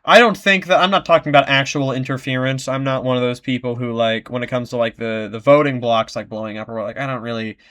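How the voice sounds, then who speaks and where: A man's voice: medium pitch, fast, few pauses, fairly bright tone. A young man from the United States co-hosting a podcast, chatting about politics in a rambling, profane way, full of ums. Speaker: podcast co-host. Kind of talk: casual political chat.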